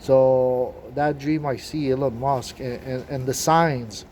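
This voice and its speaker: A man with a French accent and French as his first language, talking in a rambling, profane, agitated monologue with many halting restarts. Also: mid-range voice, steady tone, darkish tone, slight background noise.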